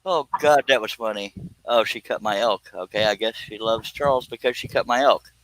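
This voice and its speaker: The audio is poor and dry as a middle-aged man hosts a livestream, his low-side voice fairly bright at a moderate pace. It's casual chat full of laughter, including a moment where he rereads a viewer's message with playful menace.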